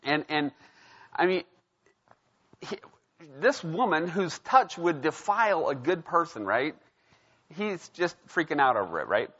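A man's voice: fairly high pitch, very animated, measured pace, pauses often, a bit bright. A man preaching a sermon as pastor, casual and conversational, telling a story and often checking in with the crowd. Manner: conversational, storytelling, frequent "right?". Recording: dull lo-fi sound.

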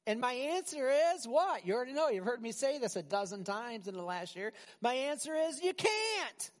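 A male pastor preaching an animated, conversational sermon full of rhetorical questions. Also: very high voice, normal speed, few pauses, in a large hall.

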